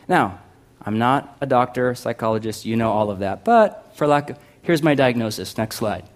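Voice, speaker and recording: A man preaching a sermon, conversational and animated, swinging from loud to hushed with humorous asides. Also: medium pitch, normal speed. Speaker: pastor.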